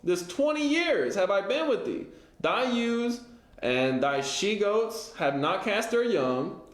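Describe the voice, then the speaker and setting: A man teaching a casual Bible lesson, reading scripture and retelling it in everyday slang. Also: a little high. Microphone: livestream setup. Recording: echoey room.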